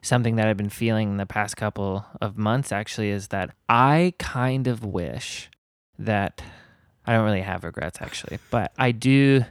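A man in casual conversation, rambling and animated as he tells personal stories. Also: fairly low pitch, moderate pace, smooth, no room sound, studio quality. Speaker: guest musician.

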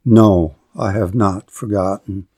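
A man reading the lines of a guilt-ridden male minister in a low, hushed, grieving voice. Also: fairly even intonation, slow pace, breathy edge. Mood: sorrowful.

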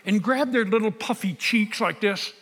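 A middle-aged man preaching a sermon as pastor, emphatic and building to loud peaks. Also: high voice, moderate pace, big-room sound.

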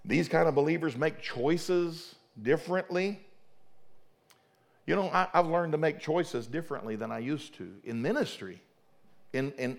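Gravelly fervent middle-aged preacher man. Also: fairly high pitch, fairly bright tone. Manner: fervent, repeats and restarts words. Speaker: pastor. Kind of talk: sermon.

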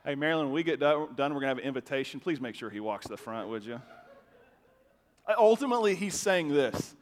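A man preaching a sermon to his congregation, talking in a loose, conversational way with quick restarts. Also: medium pitch. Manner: conversational, animated, with stammered restarts. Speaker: pastor. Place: church sanctuary. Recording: long hall reverb.

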